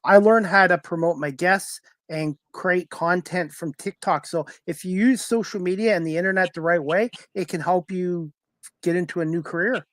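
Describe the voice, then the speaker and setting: A man's voice: high-pitched, normal speed, no room sound, clean studio sound. A man hosting a talk show interview, speaking earnestly and informally. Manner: earnest, with fillers and restarts. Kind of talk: casual interview.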